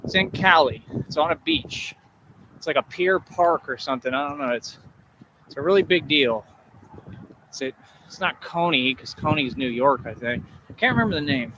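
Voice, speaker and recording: A man's voice: fairly high pitch, expressive, moderate pace, pushed and bright. Swaggering man streaming from the street. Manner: swaggering, rambling. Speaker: livestreamer. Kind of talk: boastful live-stream chat. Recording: lo-fi stream audio with street noise.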